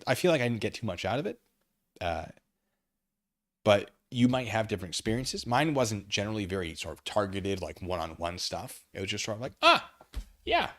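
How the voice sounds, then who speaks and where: A man's voice: on the low side, dry recording, clean studio sound. A man streaming live, chatting in a rambling, self-mocking way. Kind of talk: casual livestream chat.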